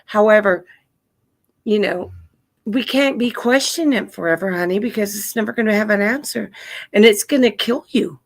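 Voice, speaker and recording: At a normal pace and medium pitch, a woman hosting a stream gently consoles a widowed caller in grief. Her manner is earnest and tender, and she addresses the caller as honey and sweetheart.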